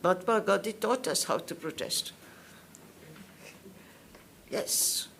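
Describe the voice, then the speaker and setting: An older woman from India giving spoken testimony at a public hearing, telling her story slowly and in detail and acting out what others said. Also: medium pitch, animated, gravelly, a bit bright, slight background noise. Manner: slow, detailed storytelling that acts out others' words.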